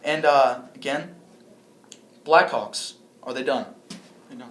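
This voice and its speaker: A man's voice: medium pitch, slow, a bit bright. A young man co-hosting a casual podcast, rambling with restarts and frequent laughs. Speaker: podcast co-host.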